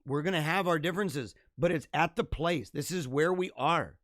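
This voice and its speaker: A man hosting his own livestream show, signing off in an energetic, rambling, chatty way, his voice a little hoarse. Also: a little high, normal speed, no echo, studio quality. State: slightly hoarse. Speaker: podcast host. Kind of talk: casual livestream sign-off.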